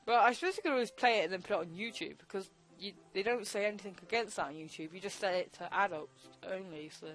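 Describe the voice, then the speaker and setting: A woman commenting casually while playing a game, chatty and quick to swear. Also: medium pitch, a bit bright, soft background music. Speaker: gaming video host. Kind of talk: casual let's-play commentary.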